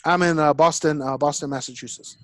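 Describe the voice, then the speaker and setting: A man playing a hesitant male sales prospect in a sales call role-play, talking in a halting, low-key way full of fillers. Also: steady tone, fairly bright tone, dry recording, lightly acted. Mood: unsure.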